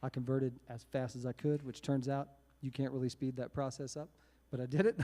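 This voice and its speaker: A man, a singer-songwriter telling a self-mocking story between songs at a live synagogue service, chatty and animated. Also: mid-range voice, moderate pace. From Texas. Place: synagogue sanctuary, live event. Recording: reverberant hall with guitar behind.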